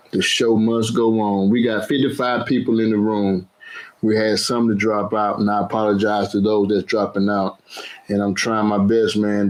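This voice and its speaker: A man hosts a live stream for his cooking channel in a loose, conversational way. He talks slowly, greets viewers by name and circles back to the same phrases again and again. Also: fairly low pitch, rough recording. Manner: repeats phrases over and over.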